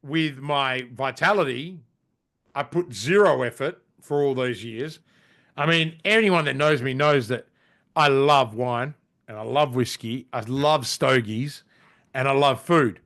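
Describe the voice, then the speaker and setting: Bright-voiced animated man in his forties. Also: mid-range voice, a little slow. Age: 40s. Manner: animated storyteller, swears casually, says "mate" and "right?". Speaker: podcast guest. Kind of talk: casual interview chat.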